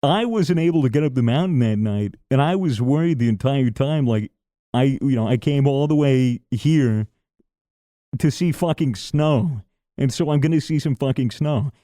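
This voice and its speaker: A young man joins in on a podcast with casual, chatty remarks, often laughing and cursing. His voice is mellow and mid-pitched. The sound is dry and close to the mic. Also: normal speed, no room sound. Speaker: podcast co-host.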